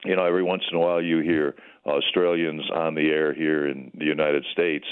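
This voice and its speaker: Over a tinny telephone line, a retired sports broadcaster, now an older man, answers interview questions with folksy, chatty reminiscences full of fillers and restarts. He speaks briskly in an extremely low, level, clean voice.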